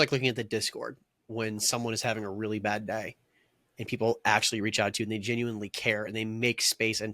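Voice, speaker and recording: A man's voice: on the low side, sharp tone, no room sound, clean studio sound. A man co-hosting a casual chat, speaking sincerely and reflectively. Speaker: co-host.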